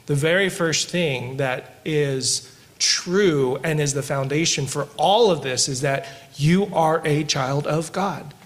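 A man co-hosting a podcast who tells stories while teaching scripture, moving between quick asides and slow, emphatic lines. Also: fairly high pitch. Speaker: podcast co-host discussing scripture. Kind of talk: conversational Bible teaching with storytelling.

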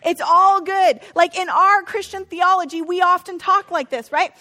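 A woman's voice: very high-pitched, normal speed, hardly any pauses, sharp tone. A middle-aged woman pastor giving a conversational sermon, now and then acting out what biblical figures might say. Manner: conversational preaching, acts out voices of biblical figures.

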